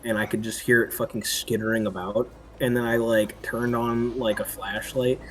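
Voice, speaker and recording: Young male streamer, casual storyteller, rambly and profane, mid-pitched voice. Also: steady tone, moderate pace. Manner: rambling, swears a lot, many fillers. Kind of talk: casual storytelling while gaming.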